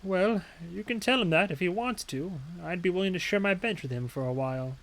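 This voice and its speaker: A man's voice: high-pitched, brisk. A man voicing a prim, proper elderly woman who sounds a little guarded.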